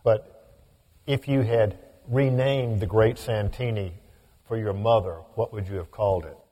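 A male interviewer poses conversational questions on stage. His voice is fairly low and mellow. It has a slightly husky edge. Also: measured pace.

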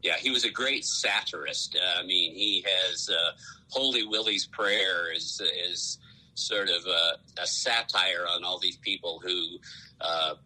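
Man, very low voice, husky, bright edge, slow halting guest. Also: low-quality recording. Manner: slow, halting, searching for words. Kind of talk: casual chat.

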